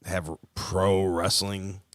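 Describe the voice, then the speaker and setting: A man's voice: low voice, level tone, slow, no echo, clean studio sound. A man chatting casually as co-host, rambling, swearing and trailing off mid-thought. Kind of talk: casual chat.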